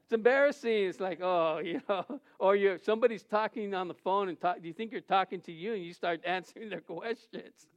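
A man's voice: sits high, brisk, hardly any pauses. A man who is a pastor, preaching a sermon and telling a funny personal story, acting out the dialogue and laughing often.

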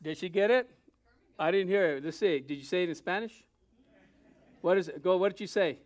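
A man preaching a sermon to his congregation in a conversational way, dropping to soft asides and rising to loud emphasis. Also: high-pitched, a little fast. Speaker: pastor.

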